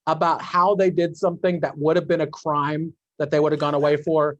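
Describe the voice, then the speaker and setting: Higher-voiced man with dull dry audio. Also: level tone, a little fast, no room sound. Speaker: podcast host. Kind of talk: casual chat over a video call. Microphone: video call.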